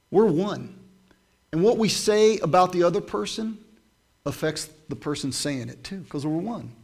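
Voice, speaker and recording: Male pastor, sermon delivery, slightly raised pitch with a gravelly edge, talks casually and reads scripture emphatically. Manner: conversational preaching, rising to emphatic scripture reading.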